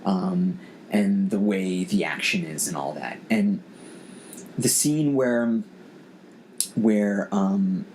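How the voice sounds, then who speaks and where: A deep-voiced man speaks slowly, with long pauses and a darkish tone, over a little hiss or hum. Hosting his podcast, he tells a personal story in a casual chat, earnest and emotional, and he often says the same words again.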